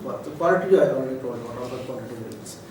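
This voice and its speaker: A man's voice: medium pitch, expressive, very fast, darkish tone. A man in his seventies with an Indian English accent, giving a rambling, emotional lecture full of fillers. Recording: roomy echo, voice from a distance, faint noise.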